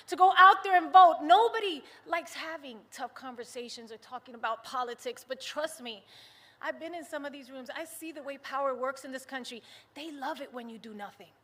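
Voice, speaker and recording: Bright, high-voiced woman rallying a crowd. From United States. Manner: impassioned, rousing. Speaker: campaign rally speaker. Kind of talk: rally speech. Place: large rally venue. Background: faint crowd.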